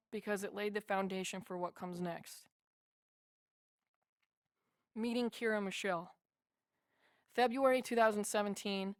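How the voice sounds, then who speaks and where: A woman's voice: medium pitch, clean tone, no echo, studio quality. A woman narrating a first-person memoir as an audiobook, in an earnest, heartfelt way.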